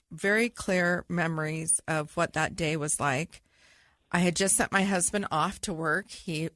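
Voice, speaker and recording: Middle-aged woman, low voice, dry sound. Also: a bit bright, no room sound. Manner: earnest, halting, with repeated restarts. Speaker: podcast co-host. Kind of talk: personal storytelling.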